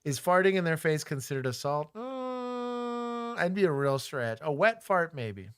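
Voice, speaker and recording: Laid-back joking ex-cop host. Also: male voice, on the high side, expressive, normal speed, a bit bright. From Texas. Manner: laid-back, joking, explains police procedure. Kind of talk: casual livestream commentary.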